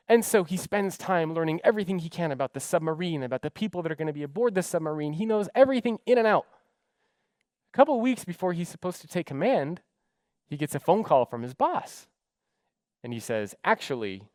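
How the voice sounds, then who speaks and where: A man's voice: fairly high pitch, brisk, dry recording. A man giving a keynote talk, telling stories with drama and acting out the dialogue. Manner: animated, dramatic storyteller who acts out dialogue. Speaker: keynote speaker.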